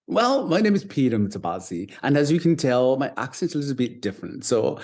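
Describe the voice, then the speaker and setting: Ugandan British-accented man, interview guest, earnest and animated, mid-pitched. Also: brisk. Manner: earnest, animated, repeats words as he goes. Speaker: guest, foster dad. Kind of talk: casual interview talk.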